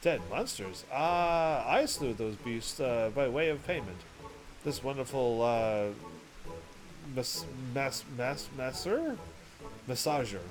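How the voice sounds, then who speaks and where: Man reading a clumsy goblin hunter with broken speech, sheepish, lower than his own voice, faint game music behind. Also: animated, low-quality recording. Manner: halting broken speech, stumbling over words.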